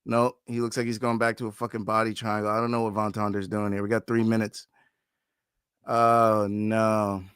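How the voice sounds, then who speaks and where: A man hosts a live fight watch-along, swearing freely and pleading with the fighters on screen. His voice is bright and crisp, and it leaps high when he gets excited. The sound is close and dry. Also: moderate pace, dry recording. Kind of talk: live fan commentary while watching and betting.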